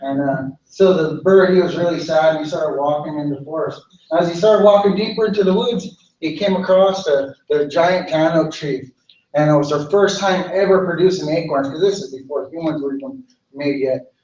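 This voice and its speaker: A man telling a traditional folk story aloud in an unhurried, repetitive way, in an echoey, distant, lo-fi recording. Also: fairly high pitch, a little mellow. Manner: unhurried, repetitive, with many restarts.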